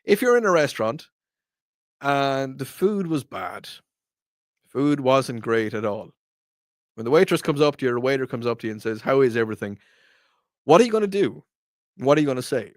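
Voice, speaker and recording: A man's voice: medium pitch, expressive, normal speed, long pauses, no echo, clean studio sound. A man, in his thirties, hosting a show and chatting casually in a rambling storytelling way. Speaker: radio show host. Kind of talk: casual chat.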